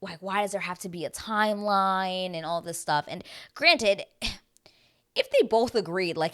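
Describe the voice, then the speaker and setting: A woman giving a casual, chatty recap of a reality show, talking animatedly and filling her sentences with "like.". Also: moderate pace. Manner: animated, heavy use of "like", dramatic swings in pitch and loudness.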